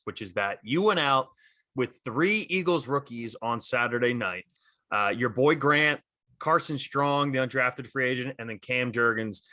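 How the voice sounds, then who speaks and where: A man's voice: mid-range voice, sharp tone, no echo. A man co-hosting a casual sports podcast, retelling stories with enthusiasm and lots of fillers. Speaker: podcast co-host.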